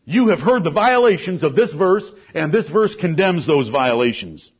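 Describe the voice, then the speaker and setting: A man preaching a sermon, emphatic, rising to loud peaks and then dropping low. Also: very animated, normal speed, breathy edge. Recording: muffled lo-fi recording.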